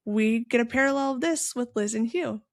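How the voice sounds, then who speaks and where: A woman co-hosting a podcast, recapping a novel and reading passages, pausing to check her pronunciation. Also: a little high, no echo, clean studio sound. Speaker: podcast co-host.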